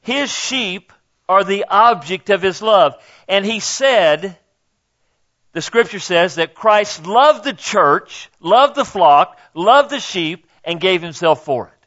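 A man's voice: high-pitched, animated, takes it slowly, fairly bright tone, highs cut off. An older man preaching a sermon in a folksy, conversational way, speaking directly to the congregation. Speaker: pastor.

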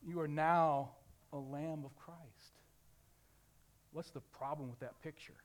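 A man from the Ozarks preaching a sermon as pastor, swinging between loud emphasis and hushed lines, asking his listeners rhetorical questions. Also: a little high, fairly even intonation, unhurried. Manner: asks rhetorical questions, acts out a crying baby.

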